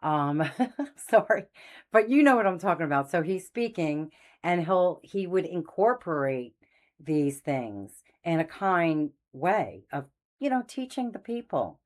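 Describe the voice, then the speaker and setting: Middle-aged woman w a deep low voice, rambly casual faith testimony, drifts off track. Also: sing-song, unhurried, darkish tone. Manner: meandering, loses her train of thought. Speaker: host of a faith channel.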